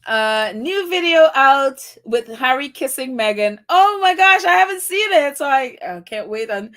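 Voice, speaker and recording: High-voiced, unhurried woman streamer, emotional. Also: lively intonation, a bit bright. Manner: gushing, laughing and near tears, reads chat aloud. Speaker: host of a live stream reading viewer comments. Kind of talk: emotional live-stream commentary. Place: New York.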